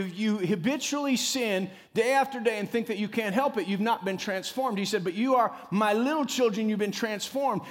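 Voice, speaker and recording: A man preaching a sermon as pastor, emphatic and animated, often rising loud and dropping to a near hush. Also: big-room sound. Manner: emphatic preacher who rises and drops in pitch and loudness, calling "come on".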